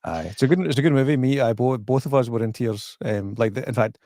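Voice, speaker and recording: A Scottish man chatting as a guest on a live stream, easygoing and quick to chuckle. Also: medium pitch, animated, mellow, dry recording, clean studio sound. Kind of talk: casual chat.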